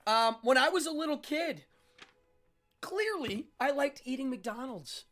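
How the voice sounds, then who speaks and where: A man's voice: extremely high pitch, animated, a little slow, pushed and bright, faint music behind. A man in his forties hosting a casual livestream, chatting with viewers and eating between sentences. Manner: chatty, eats between lines. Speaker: livestream host.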